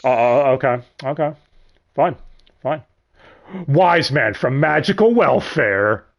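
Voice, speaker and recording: A man's voice: medium pitch, animated, takes it slowly, vocal fry. A young man hosting a livestream, rambling casually about dubs, swearing and correcting himself as he goes. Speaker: stream host.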